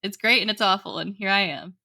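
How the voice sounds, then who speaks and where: Bright-voiced woman in her twenties, giggly. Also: medium pitch, brisk, vocal fry. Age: 20s. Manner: giggly, self-deprecating. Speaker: podcast co-host. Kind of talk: casual chat.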